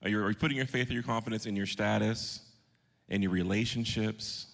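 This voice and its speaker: A man's voice: on the low side, fairly even intonation, brisk, vocal fry. A man in his thirties, a pastor preaching a sermon, telling a personal story with earnest emphasis and putting questions to his congregation. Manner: earnest, shifting pace for emphasis.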